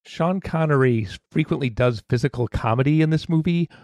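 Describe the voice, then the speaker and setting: A man's voice: fairly high pitch, a little fast, darkish tone, no room sound. A man making dry observational comments in a casual movie chat.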